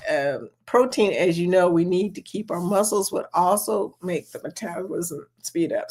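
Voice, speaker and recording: Casting: woman, livestream host, chatty and quick to laugh. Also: medium pitch. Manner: chatty, laughs often, reads comments aloud. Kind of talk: casual live chat.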